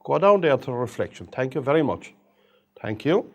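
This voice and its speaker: Gentle, chatty man teaching painting. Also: mid-range voice, big pitch swings, fairly quick, a little hiss or hum. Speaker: painting instructor. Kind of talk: painting demonstration.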